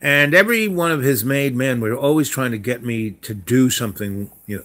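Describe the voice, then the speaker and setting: A man's voice: mid-range voice, a little fast, hardly any pauses. Rambling New man telling stories. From New York. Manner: rambling, animated, many restarts and asides. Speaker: storyteller. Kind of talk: casual spoken storytelling.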